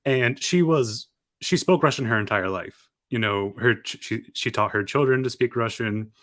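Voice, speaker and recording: Podcast guest, male, bright forceful tone, dry close sound, halting delivery. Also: medium pitch, dry recording. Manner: halting, many restarts. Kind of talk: casual podcast chat.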